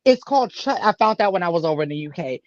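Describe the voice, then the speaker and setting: A woman co-host speaks calmly in a casual livestream chat. Her voice comes through dull and dry, with a muffled, roomless sound. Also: fairly low pitch, fast, dry recording.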